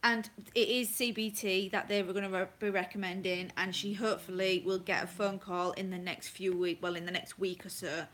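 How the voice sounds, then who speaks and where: A woman's voice: mid-range voice, little pitch movement, a little fast, hardly any pauses, fairly bright tone, slight background noise. A woman hosting a casual livestream on her phone from home at night, chatty and apologetic, greeting viewers by name. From England. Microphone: phone held close.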